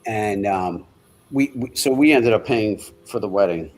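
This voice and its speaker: A middle-aged man, telling stories in a halting, rambling way in casual chat. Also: on the low side, lively intonation, a little mellow, a little hiss or hum, low-quality recording. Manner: rambling, halting storyteller with many restarts. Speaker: livestream co-host.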